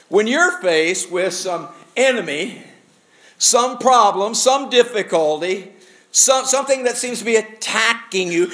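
A male pastor delivering a sermon with a lively, swooping voice that sits a little high for a man. He keeps putting questions to the congregation as he preaches, animated and earnest.

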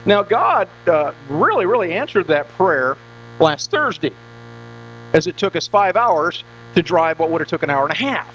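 A pastor preaching a conversational sermon in a church, often repeating words and asking the congregation questions. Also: male voice, high-pitched, expressive, brisk, a bit bright. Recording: dull lo-fi recording with mains hum.

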